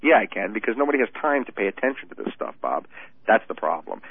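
A man calling in to a radio show, talking in an excitable, stammering, indignant way about politics. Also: lowish voice, fast, husky. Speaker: phone-in guest. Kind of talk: heated political chat on a phone line. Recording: tinny dry phone line.

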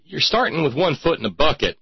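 A man's voice: a little high, big pitch swings, a little fast, breathy edge, no room sound. A man hosting a talk show, giving casual, wry and digressive commentary with a sarcastic edge. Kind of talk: casual radio-style commentary. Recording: dull lo-fi recording.

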